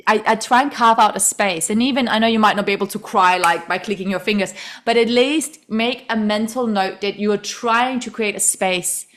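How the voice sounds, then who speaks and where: A woman's voice: mid-range voice, moderate pace, few pauses, a bit bright. A woman hosting a podcast, chatting casually and emphatically, laughing often and speaking directly to listeners. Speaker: podcast host. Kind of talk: casual conversational podcast chat.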